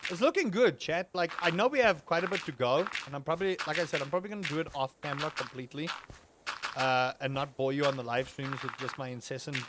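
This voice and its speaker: A man's voice: fairly high pitch, fast talker, background noise. A young man streaming a game, chatting casually and rambling to his chat while he plays. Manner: rambling, self-amused, talks to chat and to the game. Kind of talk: casual gameplay livestream chat.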